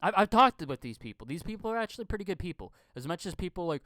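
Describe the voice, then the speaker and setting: A man's voice: high voice, sing-song, fast talker, few pauses, fairly bright tone, no echo. A man rambling through a profane live-stream rant, stammering and repeating his words. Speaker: channel host.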